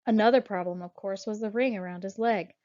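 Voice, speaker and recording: A woman narrating a children's storybook in a measured, expressive reading voice. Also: medium pitch. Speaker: audiobook narrator. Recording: dull lo-fi audiobook recording.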